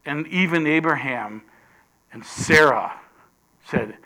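A man preaching a sermon, swinging between loud emphasis and hushed whispers. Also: fairly high pitch, expressive, a little slow.

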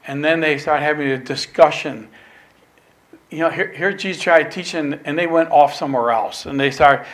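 A man preaching a sermon, emphatic and repeating phrases, dropping from loud stresses to near whispers. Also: a little high.

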